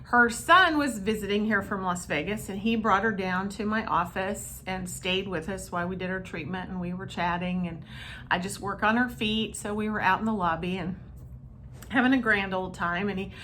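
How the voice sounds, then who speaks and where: A woman massage therapist telling a story to camera in a chatty, animated way, talking straight to her viewers. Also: mid-range voice, moderate pace, slight background noise. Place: her treatment room.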